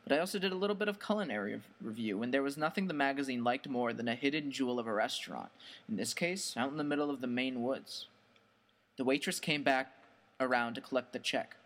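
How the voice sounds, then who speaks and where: A man narrating a first-person horror story in a measured, plain storytelling manner. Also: medium pitch, fairly bright tone.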